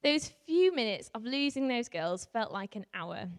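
A woman from Yorkshire without a strong accent, telling a story to a live audience as a youth worker, animated, with laughs and many ums. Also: fairly high pitch, a little slow. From Yorkshire, England. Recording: reverberant hall.

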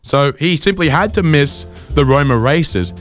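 Deadpan man hosting a comedy chat. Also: a little high, measured pace, over music. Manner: dry, deadpan, rambling. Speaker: podcast host.

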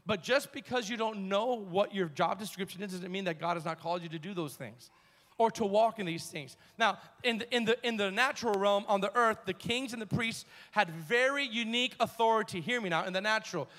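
A man preaching a sermon to his church, emphatic, rising to shouts and dropping to quiet asides. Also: high-pitched, brisk, big-room sound. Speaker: pastor. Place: church hall.

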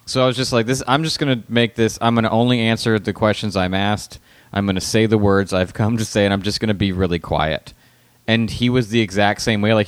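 A man's voice: lowish voice, steady tone, brisk, dry recording. A man, a comedian, telling a story in a casual podcast chat, rambling and swearing as he acts out what people said. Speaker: comedian guest.

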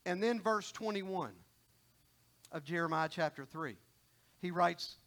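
A man's voice: sits high, a little slow, a bit bright. A middle-aged man preaching a sermon in a folksy, conversational way, often repeating and restarting phrases.

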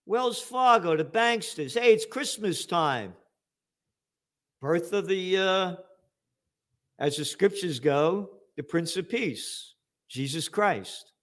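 A man in an angry, profane political rant. His voice sits a little high for a man and his delivery is slow and drawn out, building to sarcastic jabs and sudden shouted outbursts. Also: lively intonation. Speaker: commentator.

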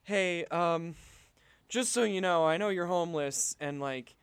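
A man's voice: a little high, measured pace, smooth, no room sound. A man playing an awkward, needy, lovesick young man who talks hesitantly in an improvised comedy sketch. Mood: needy, sad.

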